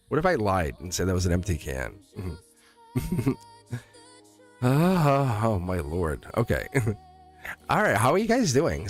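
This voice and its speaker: A man with a fairly low voice hosts a tarot livestream and chats casually with his viewers. His pitch swings a lot as he rambles, chuckles and keeps restarting his sentences. Soft music plays faintly behind him. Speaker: tarot reader and livestream host.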